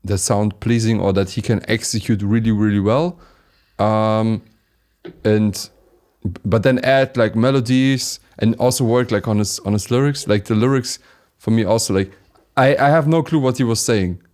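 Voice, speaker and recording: A man with a German accent co-hosting a casual beatbox review chat, talking haltingly with many fillers and restarts. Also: fairly low pitch, steady tone, darkish tone. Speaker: beatboxer co-host reviewing battles.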